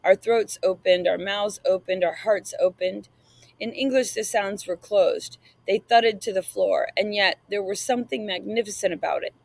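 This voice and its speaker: A woman narrates an audiobook in the first person, reading in a measured and reflective way. Her voice has a noticeable gravelly fry. The sound is dry and close to the mic. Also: medium pitch, fairly even intonation, darkish tone, no room sound, low-quality recording.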